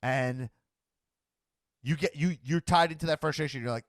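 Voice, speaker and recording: A man's voice: fairly high pitch, measured pace, no echo, studio quality. Rambling, stammering talk-show man. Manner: rambling, frequent restarts and stammered repeats; acts out other people's voices mid-sentence. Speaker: podcast host. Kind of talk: casual chat.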